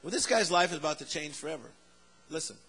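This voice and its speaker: A male preacher telling a story in a sermon, animated and acting out the people in it. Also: a little high, fast, breathy edge.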